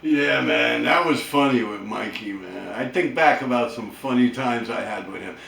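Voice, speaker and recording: Man, storytelling vlog, laughing, street slang, bright, roomy echo. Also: medium pitch, normal speed, creaky, recorded from a distance. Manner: laughing hard, animated, profane street slang. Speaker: storyteller vlogger. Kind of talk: casual storytelling.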